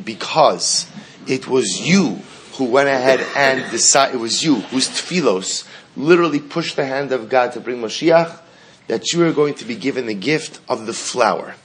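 A man teaching a story, reading a text aloud and translating it line by line in an animated way. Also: mid-range voice, moderate pace, noisy background. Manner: animated, repeats words as he translates.

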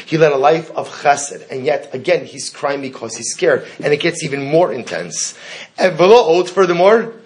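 A man teaching a Talmud class to students, chanting the text in Hebrew and explaining it in English. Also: medium pitch. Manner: asks the class questions. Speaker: Torah teacher.

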